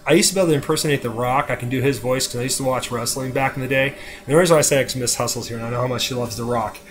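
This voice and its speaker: A man's voice: mid-range voice, fairly even intonation, rapid-fire. A man chatting casually on a live stream, rambling with lots of fillers, with a dry throat. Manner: rambling, with many "uh"s and laughs. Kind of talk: casual chat.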